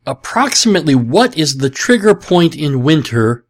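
A man's voice: fairly high pitch, very animated, normal speed. A man hosting a podcast, answering listener questions in a casual, joking way with sarcastic asides and self-mockery. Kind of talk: casual comedic chat.

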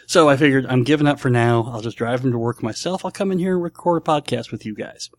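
A man's voice: mid-range voice, quick pace, no echo. Enthusiastic rambling man podcaster. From Nebraska. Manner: enthusiastic, rambling, repeats himself. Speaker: podcast host. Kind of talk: casual solo podcast chat.

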